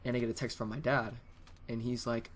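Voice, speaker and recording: A teenage man hosting a gaming channel, telling a casual storytime in a rambling, excitable way with many restarts, on a USB desktop microphone. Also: mid-range voice, brisk, slight background noise.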